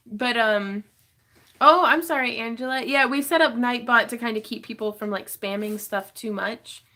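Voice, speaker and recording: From her home craft room, a woman hosts a casual craft livestream, chatting, laughing a lot and reading viewer comments aloud. Her voice is a little high, a little slow and a bit bright.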